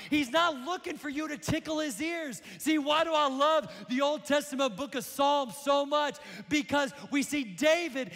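A male pastor preaching with energy, swinging from shouts to hushed lines. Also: extremely high pitch, vocal fry. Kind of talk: sermon. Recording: long hall reverb.

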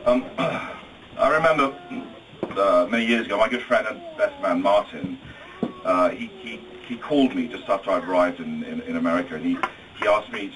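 A man's voice: sits low, normal speed, noisy background. A man with a British accent giving his wedding speech, self-deprecating and jokey, tripping over restarts. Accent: British English. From Britain. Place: wedding reception hall with guests. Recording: distant, crowded reception with chatter and laughter.

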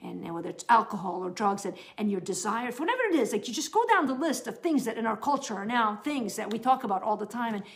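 A woman's voice: fairly high pitch, very animated, fast talker, few pauses. A middle-aged woman giving a teaching session to new believers, talking in an earnest, conversational way with frequent restarts. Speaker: Bible teacher.

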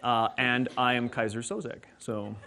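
A man's voice: mid-range voice, little pitch movement, normal speed, sharp tone. Man playing a redneck oil worker, hot-tempered, rambling jokey stage banter. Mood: joking. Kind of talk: live stage character monologue.

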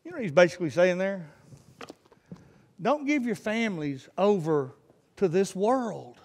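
A man's voice: sits high, lively intonation, measured pace, slightly rough. A man preaching a fervent sermon as pastor, his intensity rising and falling. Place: church sanctuary. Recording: church service recording with long hall reverb.

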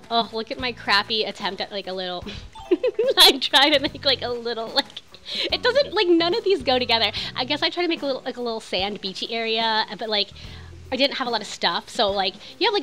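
Excitable young woman streamer, bright voice. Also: fairly high pitch. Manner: excitable, chatty, lots of "like". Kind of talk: casual game streaming chat.

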